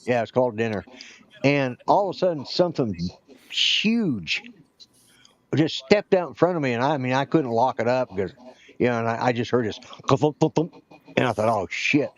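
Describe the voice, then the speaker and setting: A man's voice: mid-range voice, expressive, normal speed, dull audio. A man telling a rambling, folksy story during a casual chat. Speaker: guest.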